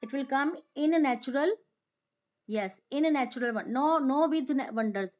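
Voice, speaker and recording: High-pitched indian english lady teaching grammar online, reads slow with stress on words, muffled lo-fi screen recording. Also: darkish tone. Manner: reads sentences aloud slowly, stressing words, praising students by name.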